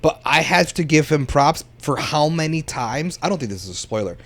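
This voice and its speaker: A young man co-hosting a podcast, chatting casually in slangy, animated bursts of opinion. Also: on the high side, moderate pace. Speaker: podcast co-host. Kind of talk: casual chat.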